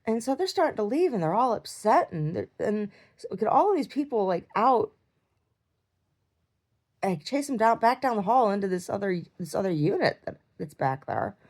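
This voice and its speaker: A woman living with chronic pain recounts a dream in a casual video diary, rambling with many fillers and restarts. Her medium-pitched, darkish voice is very animated at a moderate pace, and she acts out quoted lines by raising her voice.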